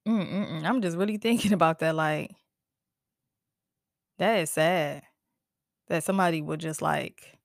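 A woman's voice: deep voice, unhurried, vocal fry, pauses often, no room sound, clean studio sound. Profane, fired-up woman podcast host. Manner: heated, profane, animated venting with laughs and sighs. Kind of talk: casual solo podcast rant.

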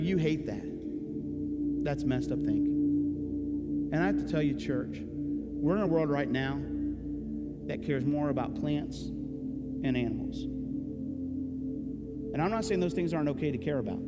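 A male pastor with a higher-pitched voice preaches a sermon in church, speaking a little slowly and pausing often. His style is conversational, talking casually to his listeners and asking rhetorical questions. The church hall is reverberant, and loud music plays.

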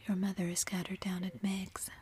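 A woman voicing a mischievous, boyish young married man as a whispered role-play, in a flat hush. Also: medium pitch, moderate pace, husky. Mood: playful. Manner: whispered, playful.

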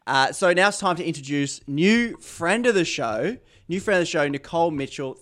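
A man's voice: fairly high pitch, animated, moderate pace, fairly bright tone. A young Australian man hosting an interview podcast, rambling and joking at his own expense. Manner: rambling, self-mocking, jokey asides. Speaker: podcast host. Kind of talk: casual interview chat.

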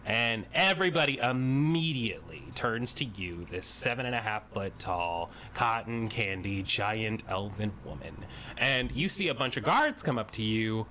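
Animated bright-voiced male game master. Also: on the low side, unhurried, a little hiss or hum. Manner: animated, rambling, laughing. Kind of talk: narrating a tabletop game.

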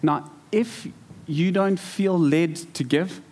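A man preaching to a church congregation, telling stories in a lively way that stumbles and repeats words. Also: on the high side, takes it slowly. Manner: storytelling, animated, repeats words. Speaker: pastor. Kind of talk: sermon. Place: church hall.

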